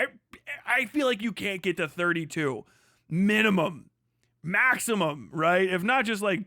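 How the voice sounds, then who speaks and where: A man's voice: high-pitched, sharp tone, no room sound, studio quality. A man streaming live, reacting to a clip with sarcastic, profane, rambling commentary.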